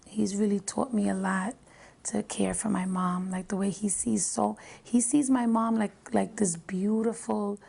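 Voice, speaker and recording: A mother caring for her own mother, speaking softly and searching for words in a documentary interview. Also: medium pitch, fairly even intonation, normal speed, gravelly, hardly any pauses, slightly rough. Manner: soft and searching, with fillers. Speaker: mother and caregiver.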